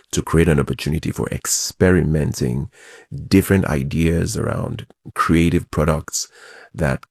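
A man, a project founder giving measured, expansive interview answers. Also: deep voice, vocal fry, a little mellow, dry recording, clean studio sound.

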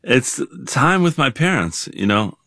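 Halting and thoughtful, this man in his sixties keeps circling back with fillers and restarts. His middle-pitched voice sits close and dry in a studio, with no room sound around it. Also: big pitch swings, fairly bright tone, no echo. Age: 60s. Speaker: guest. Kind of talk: reflective interview talk.

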